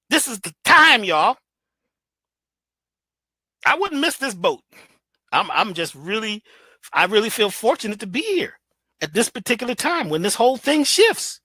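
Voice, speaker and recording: A man giving an animated motivational talk as a guest, preachy and emphatic in a colloquial way, playing with his voice. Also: very high-pitched, moderate pace, long pauses, no room sound. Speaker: guest speaker.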